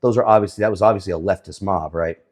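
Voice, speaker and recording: A man giving casual, sarcastic commentary on the week's news, often pausing with fillers. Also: low voice. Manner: sarcastic, hesitant with many fillers.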